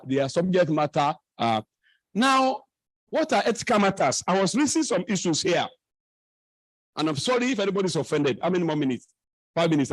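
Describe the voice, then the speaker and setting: A middle-aged man with a Nigerian English accent addresses a conference, wandering into jokes and sermon-like asides as he goes. His voice sits high for a man, and the sound is close and dry, with little room echo. He often stumbles, restarts and repeats himself mid-sentence. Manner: digressive, humorous, preachy asides and restarts. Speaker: conference speaker. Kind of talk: lecture at a conference. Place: conference hall.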